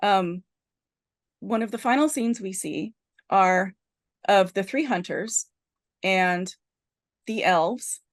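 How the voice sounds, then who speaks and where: Animated woman host retelling a film plot. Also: mid-range voice, slow, pauses often. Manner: animated storyteller, heavy use of "like" and restarts. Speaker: podcast host. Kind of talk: casual podcast chat retelling a film plot.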